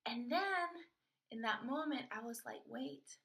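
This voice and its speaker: A young woman hosting a podcast, telling a personal story in an animated way and acting out the voices of others in it. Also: a little high, measured pace. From Florida. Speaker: podcast host.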